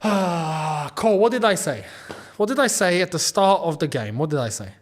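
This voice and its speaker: There's slight background noise as a young man with a voice on the high side, speaking at a moderate pace, gives live match reaction commentary. At his football watchalong he exclaims over each play and scolds players directly, as if they could hear.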